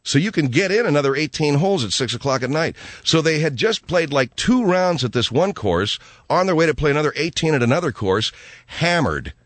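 An animated man on the radio who swings his voice up and down as he spins a joking story. His voice sits a bit high for a man and sounds close and dry, with almost no room around it. He keeps it casual and breaks into little acted-out quotes. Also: fairly quick, dry recording. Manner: animated, jokey, acts out quotes.

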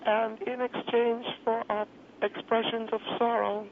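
A man's voice: extremely high pitch, level tone, unhurried, voice pushed up, full character voice. A man voicing an elderly woman caller, fussy and indignant, who pleads, repeats herself and sounds exasperated. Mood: pleading. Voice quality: creaky, gravelly. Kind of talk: radio prank call. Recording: tinny phone line with faint hiss.

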